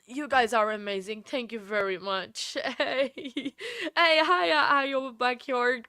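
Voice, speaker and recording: Tearful woman streamer, gushing thanks, a touch high-pitched, dry close sound. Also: sharp tone, no echo. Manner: gushing, thanking viewers, laughing between phrases. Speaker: livestream host. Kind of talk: casual livestream chat.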